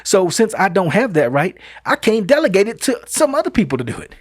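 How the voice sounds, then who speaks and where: A man's voice: high voice, sing-song, a little fast, no echo, studio quality. A middle-aged man hosting his show, delivering an emphatic opinion monologue full of rhetorical questions and folksy vernacular. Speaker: show host.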